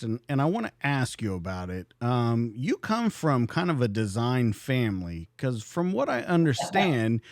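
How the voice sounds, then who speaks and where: A man's voice: mid-range voice, dry recording, studio quality. A man hosting a podcast, asking a guest about his past in a conversational way. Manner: lively, conversational, with fillers. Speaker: podcast host. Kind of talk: interview questions.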